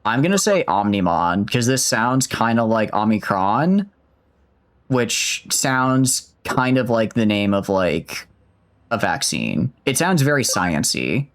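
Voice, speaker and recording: A man's voice: lowish voice, big pitch swings, slow. A man in his twenties chatting casually with viewers while streaming a game, rambling and joking at himself. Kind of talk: casual gaming stream chat.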